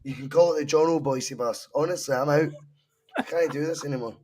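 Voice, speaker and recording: A man's voice: fairly high pitch, fairly quick, a little mellow. A Scottish man co-hosting a football podcast, mock-despairing and swearing in casual chat. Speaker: podcast co-host.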